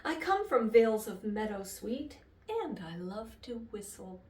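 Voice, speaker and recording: A grandmother voicing Margalo, a soft gentle songbird. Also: mid-range voice, measured pace, reverberant, far from the mic. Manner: soft, polite and calm. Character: small gentle female songbird, soft and musical.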